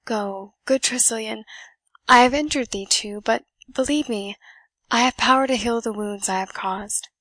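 A woman's voice: fairly high pitch, normal speed, a bit bright, no room sound. A woman voicing a proud young noblewoman, imperious and defiant. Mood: pleading.

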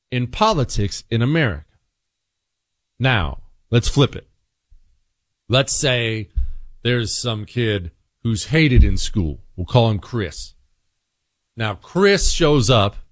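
A man hosting a political commentary monologue, telling an animated story and acting out characters. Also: fairly low pitch, takes it slowly, long pauses, no room sound, clean studio sound. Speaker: political talk show host.

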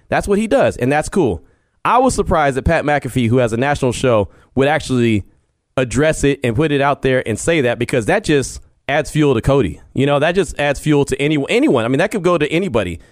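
The recording is dry and studio-quality: a Texan man with a voice on the high side hosting a casual sports podcast from home. He speaks earnestly in monologue, with frequent restarts and easy laughs.

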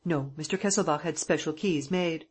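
Reader doing a hotel head waiter, matter-of-fact, guarded, husky, audiobook. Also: medium pitch, normal speed, close to an everyday voice.

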